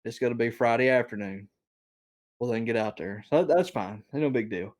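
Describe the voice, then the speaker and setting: A man settles into a long, meandering anecdote on a casual podcast, laughing at his own story. His voice sits at an ordinary middle pitch, and his delivery is loose and conversational. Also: a little fast. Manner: rambling, chuckling, animated when quoting others. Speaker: podcast co-host telling a story.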